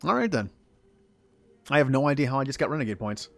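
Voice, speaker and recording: A man's voice: medium pitch, big pitch swings, quick pace, creaky, faint music behind. A man from the southern United States giving casual gameplay commentary, chatty and rambling, laughing often. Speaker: gaming streamer.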